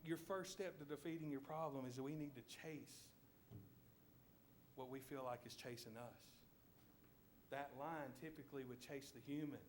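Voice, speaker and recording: A man's voice: medium pitch, steady tone, moderate pace, pauses often, a little hiss or hum. A man with a Southern US accent preaching a sermon in church, telling a story vividly and asking his listeners to picture each scene.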